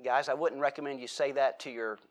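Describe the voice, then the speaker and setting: A man's voice: mid-range voice, steady tone, a little fast. A middle-aged man preaching a sermon in a conversational way, restarting his sentences and slipping in joking asides. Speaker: pastor.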